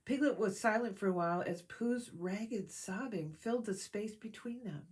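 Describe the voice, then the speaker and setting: A woman reading a storybook aloud in a calm, gentle way as a church storyteller. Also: mid-range voice, moderate pace, husky.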